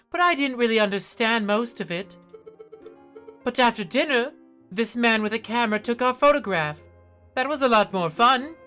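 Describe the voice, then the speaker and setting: A woman voicing a sweet, naive young noble lady in a video game, speaking in an eager, high voice. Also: fairly bright tone.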